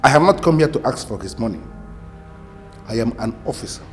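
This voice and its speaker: A stern, formal police officer, played by a man speaks with a Nigerian English accent. He presses hard and threatens in measured, official words. Faint music plays under the dialogue of this film scene. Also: medium pitch, expressive, natural voice. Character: stern male police officer questioning witnesses.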